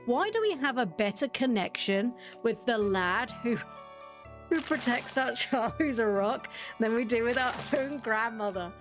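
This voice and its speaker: A woman's voice: fairly high pitch, expressive, soft background music. Chatty woman streaming a game. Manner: chatty, rambling, quick to laugh. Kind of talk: casual gameplay commentary.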